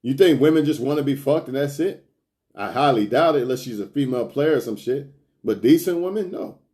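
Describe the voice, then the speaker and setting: A man's voice: a little high, warm tone. A man giving a casual, preachy monologue as a self-improvement vlogger, blunt and profane, speaking straight to his viewers. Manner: blunt, profane, lecturing, addresses viewers as y'all.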